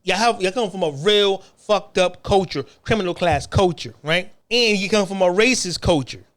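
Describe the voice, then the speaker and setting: A man's voice: sits high, normal speed, fairly bright tone. An American man delivering a profane, taunting monologue rant to the camera, laughing mockingly and stammering through repeated restarts. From United States. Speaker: online commentator.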